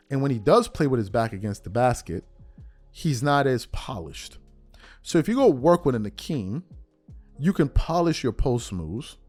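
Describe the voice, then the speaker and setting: Animated man firing off rhetorical questions. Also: medium pitch. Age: 30s. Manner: animated, fires incredulous rhetorical questions, street slang. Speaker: podcast host. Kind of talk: opinionated sports commentary.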